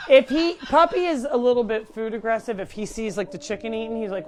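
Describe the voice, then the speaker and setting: Talking fast with hardly any pauses, this woman has a fairly high-pitched voice. She's middle-aged and live-streaming casually from her home animal sanctuary, chatty throughout and slipping into a sing-song baby voice for her pets.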